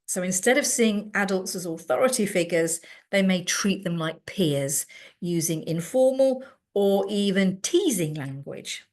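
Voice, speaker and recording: A woman, a speech therapist explaining with lively storytelling. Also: mid-range voice, a little slow. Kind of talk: explaining with acted classroom examples.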